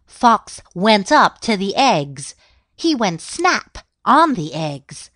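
A woman reading a children's storybook aloud, slowly and clearly. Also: medium pitch, big pitch swings, fairly bright tone, no room sound, clean studio sound. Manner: slow, clearly paced read-aloud. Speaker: storybook reader.

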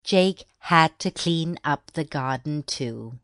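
A woman narrates a children's storybook at a very slow, careful pace, her pitch moving a lot to bring out the sound words. Her voice sits a little low for a woman, and the recording is dry and close. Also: no echo. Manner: slow, deliberate, expressive.

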